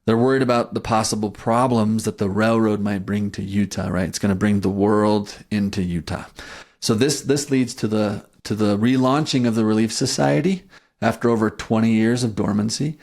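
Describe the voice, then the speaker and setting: A man co-hosting a history podcast, talking through church history in a relaxed, conversational way and often checking in with "right?". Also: lowish voice, moderate pace, gravelly. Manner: thoughtful, frequent restarts and "right?" checks. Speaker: podcast co-host. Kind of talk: casual history discussion.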